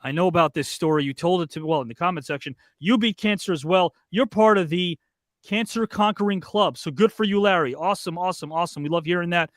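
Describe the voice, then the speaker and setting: An upbeat male host with a high voice, reading viewer comments and votes on a live online show. The sound is dry and close, with no room around it. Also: fast talker, fairly bright tone, no echo.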